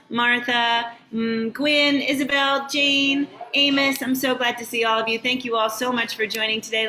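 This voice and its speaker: Bright upbeat woman hosting live stream. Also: on the high side. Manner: upbeat, reading out viewer names. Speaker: show host. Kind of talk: live online welcome and shout-outs. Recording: echoey room with faint background noise.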